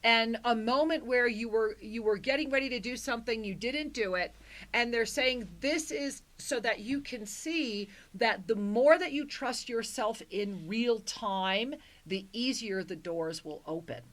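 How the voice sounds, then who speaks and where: A woman's voice: on the high side, measured pace, a bit bright. A woman co-hosting a call-in spiritual radio show, effusive and affectionate with the callers.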